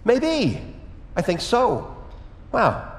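A man preaching a sermon as pastor, telling a personal story in a conversational way with lively asides. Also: medium pitch, normal speed. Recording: echoey hall with long reverb.

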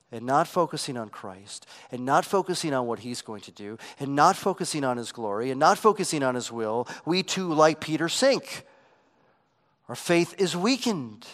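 A pastor preaching a sermon, swinging between emphatic passages and hushed, quiet ones. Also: male voice, mid-range voice.

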